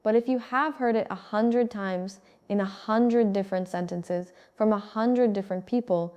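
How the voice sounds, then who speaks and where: A woman giving a calm, scripted English-speaking lesson, pronouncing each word clearly and steadily. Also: medium pitch, moderate pace, highs cut off. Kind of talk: scripted instructional narration.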